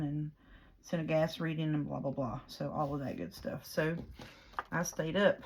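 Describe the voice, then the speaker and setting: A woman's voice: low voice, slight background noise. A middle-aged woman telling a long, rambling story in casual chat while crafting, with lots of fillers. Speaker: craft vlogger.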